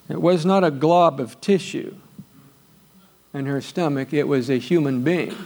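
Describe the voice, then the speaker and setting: A man preaching a sermon as pastor, quizzing his congregation and lifting his voice high and loud as he reads scripture aloud. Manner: rises to loud exclaiming when reading scripture; asks the congregation questions.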